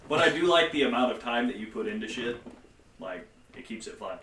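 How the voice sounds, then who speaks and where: A man's voice: mid-range voice, animated, fairly quick, a bit bright, recorded from a distance. A man who runs the game, chatting casually and bluntly with his players and swearing freely. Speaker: game master. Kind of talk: casual group chat. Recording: echoey room, off-mic, faint noise.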